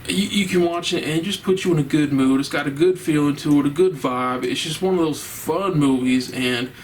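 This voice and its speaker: A man with a fairly high voice chats through a casual horror movie review. He rambles, repeats himself, and laughs along with his own remarks. A faint hiss runs under the recording. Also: brisk, low-quality recording. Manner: enthusiastic, rambling, laughs often.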